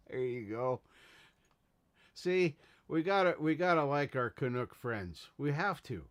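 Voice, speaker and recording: A man's voice: fairly high pitch, a bit bright. A man hosting a casual livestream, talking earnestly and rambling as he greets viewers in chat. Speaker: livestream host.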